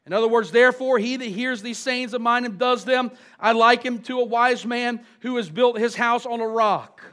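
Preacher guy w a really high bright voice, keeps asking the crowd stuff and repeating himself for punch. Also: fairly even intonation, normal speed. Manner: preaches with rising, emphatic repetition and asks the congregation questions. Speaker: pastor. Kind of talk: sermon.

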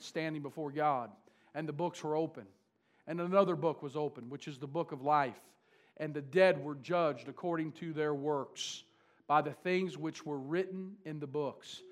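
A preacher man with a somewhat high voice. He leans hard on emphasis, repeating words over and over to hammer his point home in full sermon delivery. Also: normal speed. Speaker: pastor.

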